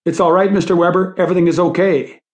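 A man voicing a calm hospital nurse who speaks in a quick, soothing, matter-of-fact way. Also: high voice, pitched above the performer's own voice, close to an everyday voice. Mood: reassuring.

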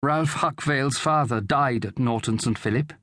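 A man's voice: mid-range voice, moderate pace, a bit bright, dry recording, pitched above the performer's own voice, natural voice. A man doing an eager young farm boy. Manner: pleading, eager.

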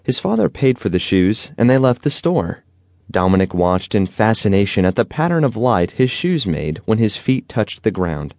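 A man narrating a children's audiobook in an expressive storytelling manner. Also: on the low side, moderate pace, dry recording.

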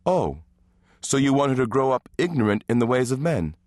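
A man voicing a teasing, sharp-tongued wife and mother in an audiobook, with playful, needling banter. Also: mid-range voice, very animated, brisk, dry recording, studio quality, pitched above the performer's own voice, lightly acted.

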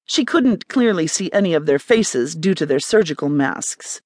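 A woman narrating a romance thriller audiobook in an expressive, scripted reading. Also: sits low, normal speed, few pauses, dry recording, studio quality.

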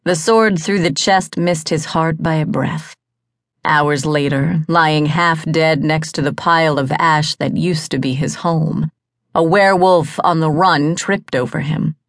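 This audiobook narrator is a woman with a low, slow, creaky voice, reading a scripted dark fantasy in a measured, dramatic way. The recording is dry and studio-clean.

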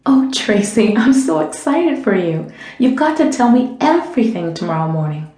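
A woman's voice: on the high side, sing-song, normal speed, mellow, voice pushed up. A woman voicing a playful, teasing young female friend in an audiobook. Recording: roomy echo.

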